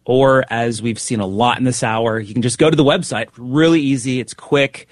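A man hosting a radio fundraising appeal, speaking briskly and repeating the call-in details. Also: mid-range voice, no room sound. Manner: brisk, repeats phone numbers. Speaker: radio host.

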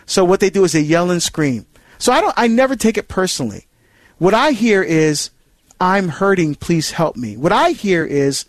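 A man hosting a call-in Catholic radio talk show, animated and halting, often repeating words as he goes. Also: high voice, no echo.

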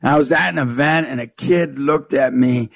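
A man's voice: medium pitch, normal speed, gravelly, dry recording, studio quality. A man as a guest in a faith interview, earnestly telling a story and acting out the dialogue. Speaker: guest speaker.

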